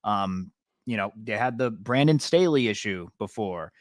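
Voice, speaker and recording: A man's voice: lowish voice, expressive, a little slow, no room sound, clean studio sound. A man from Britain co-hosting a podcast, giving rambling, self-correcting sports opinions in casual chat. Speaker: podcast co-host.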